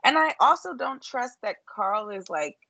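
A woman's voice: a little high, sing-song, measured pace, vocal fry, sharp tone, dry recording. A woman with a New York accent co-hosting a casual chat, blunt and profane with lots of fillers. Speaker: podcast co-host. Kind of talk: casual chat about reality TV.

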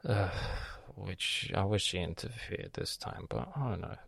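A young man hosting a podcast, telling a story in an animated, sweary, self-mocking way. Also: low voice, unhurried, creaky, slightly rough, dry recording, studio quality. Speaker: podcast host. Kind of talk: casual storytelling monologue.

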